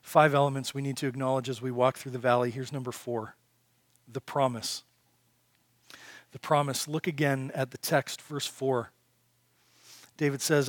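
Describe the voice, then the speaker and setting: A man preaching a sermon to a congregation, emphatic, with rhetorical questions and swings between loud passages and hushed ones. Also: medium pitch, steady tone, moderate pace, long pauses, no room sound, clean studio sound. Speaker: pastor.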